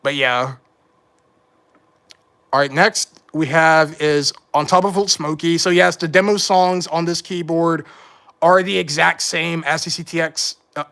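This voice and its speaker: A man's voice: on the high side, steady tone, measured pace, gravelly, a bit bright, a little hiss or hum. Rambling man hosting a keyboard stream. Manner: rambling, self-correcting, mild frustration. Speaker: livestream host. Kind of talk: casual live commentary.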